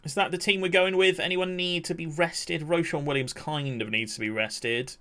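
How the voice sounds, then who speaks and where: A man's voice: a little high, steady tone, moderate pace, sharp tone. A young man, chatting casually on a live stream, laughing often and ranting in mock outrage.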